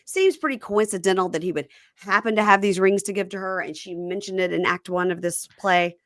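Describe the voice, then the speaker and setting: A woman's voice: medium pitch, fairly quick, a bit bright, no echo, studio quality. A woman co-hosting a podcast, chatting casually as she retells a reality show episode. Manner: chatty storyteller, acts out quotes. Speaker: podcast co-host. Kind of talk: casual recap chat.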